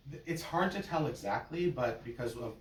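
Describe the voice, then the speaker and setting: A man teaching a class as a cantor, explaining things in a playful way with memory tricks and sometimes singing short examples. His voice sits at a middle pitch. It is recorded in an echoey room, well away from the microphone. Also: expressive, moderate pace, slight background noise. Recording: roomy and from far off.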